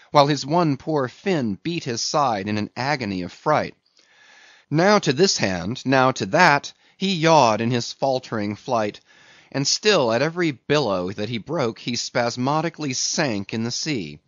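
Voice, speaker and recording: A man reading a novel aloud as an audiobook narrator, in a dramatic, expressive way, on a dull lo-fi recording. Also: medium pitch, no echo. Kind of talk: scripted narration.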